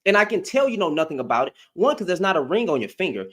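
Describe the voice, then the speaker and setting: With a high voice, big pitch swings, and a breathy edge, a young commentary vlogger talks fast through a reaction rant. He's at home on his computer webcam, repeating himself in disbelief.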